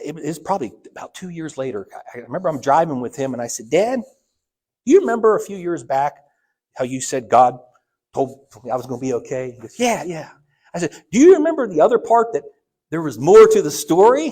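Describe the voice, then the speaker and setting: Preaching from a church sanctuary, an elder tells of his own experience and plays out the quoted conversation with sharp rises and falls in his voice. He speaks a little fast, his darkish, husky voice making big pitch swings.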